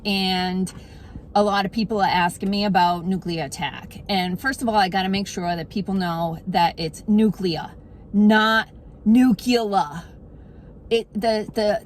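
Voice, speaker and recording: A woman naturopath in a comedic monologue, joking deadpan in a put-on Boston accent. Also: mid-range voice, slight background noise. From Wisconsin. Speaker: naturopath giving health advice.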